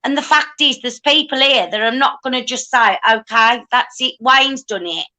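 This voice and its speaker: A woman's voice: sits high, moderate pace, bright, forceful tone, low-quality recording. A woman hosting a casual livestream chat, talking emphatically.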